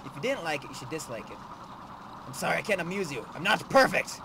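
Young male gamer, high and very animated delivery, clear noise behind him; bursts into yells at the game. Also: quick pace. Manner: excitable, yelling at the game. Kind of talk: let's play commentary. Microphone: desk mic with facecam.

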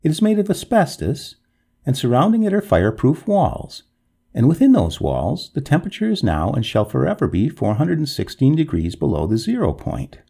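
A man voicing a courteous, firm gentleman heir, polite but dryly mocking, in a storybook reading. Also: medium pitch, huge pitch swings, normal speed, gravelly, breathy edge, voice pushed up, heavily acted. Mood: coldly triumphant.

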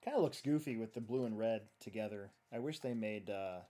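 A man's voice: lowish voice, fairly quick, warm tone. A man hosting a casual livestream, chatting loosely and reading viewer comments while he works on a build. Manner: rambling, chatty, reads viewer comments aloud. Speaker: host.

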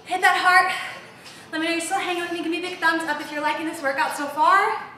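The young woman's very high-pitched voice is fast, pushed and bright, with fairly even intonation and a little hiss or hum in the background. As a fitness instructor coaching a live workout, she cheers upbeat through the reps, out of breath. The setting is a large, empty home gym floor, with room echo and a far-off mic.

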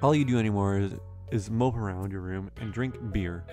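A man's voice: lowish voice, fairly quick, music in the background, natural voice. A man reading the lines of a worried, scolding middle-aged woman rancher from a farming game. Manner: reads game dialogue aloud.

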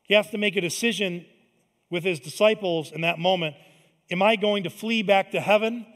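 A man's voice: high-pitched, normal speed, a bit bright, in a large hall. A man preaching a sermon as pastor, in a conversational, emphatic style with frequent asides to the congregation. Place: large church hall.

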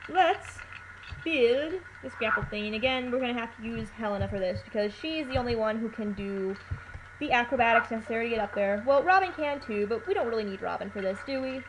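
A woman's voice: a little high, expressive, brisk. A woman giving casual, chatty commentary over a video game, full of playful joking asides. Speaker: let's play commentator. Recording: noisy home recording with hiss.

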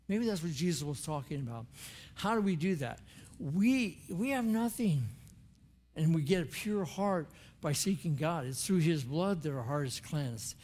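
A man's voice: a little high, expressive, normal speed, a little mellow. An older man preaching a sermon in a church, earnest and conversational, with prayers spoken aloud.

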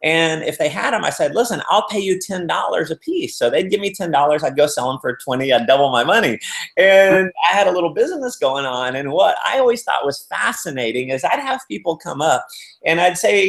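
Brisk and creaky, with a voice on the high side, this man delivers a motivational business talk, performing the people in his stories as an animated storyteller. The room echo is noticeable.

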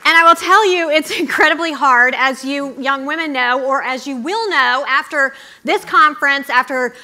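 A middle-aged woman giving a chatty, brisk speech to a student audience, full of asides. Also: high voice, pushed and bright, a faint crowd. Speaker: conference speaker.

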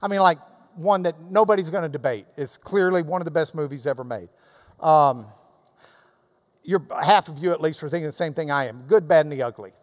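A man teaching a Bible class, answering questions in an emphatic, animated lecture that swings between loud and soft. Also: a little high, fairly quick, big-room sound.

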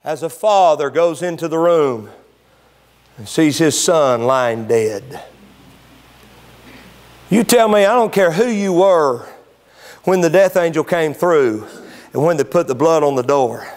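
High-voiced man preaching with fervor. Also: animated, measured pace, long pauses. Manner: impassioned preaching that swells loud and high, then drops low and quiet. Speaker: pastor. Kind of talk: sermon. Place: church service.

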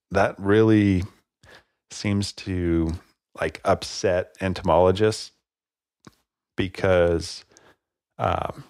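In clean studio sound without any echo, a low-voiced man talks casually through his solo podcast. He's laid-back and wanders a bit, leaning heavily on fillers.

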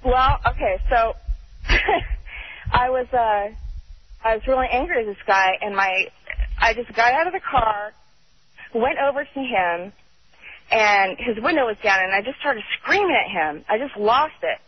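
A woman phones in to a radio show and tells her story in halting bits, restarting often. She has a mid-range voice. It comes through a muffled, lo-fi line. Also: on the high side, expressive, husky. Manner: halting, with restarts and nervous laughs. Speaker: caller.

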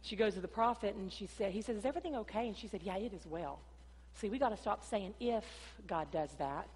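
A woman pastor preaching a sermon, swinging between loud, emphatic passages and quieter storytelling, sometimes acting out voices. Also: medium pitch, lively intonation, fairly quick. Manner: preaching with dramatic rises and drops, acting out dialogue. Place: church sanctuary. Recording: long church-hall reverb.

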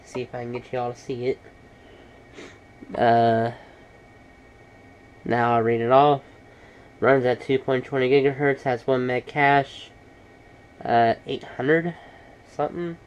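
A man's voice: mid-range voice, steady tone, takes it slowly, pauses often, lo-fi sound, slight background noise. A man casually talking through a laptop repair in a how-to vlog, rambling and matter-of-fact. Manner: rambling, many fillers and restarts. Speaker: computer repair vlogger.

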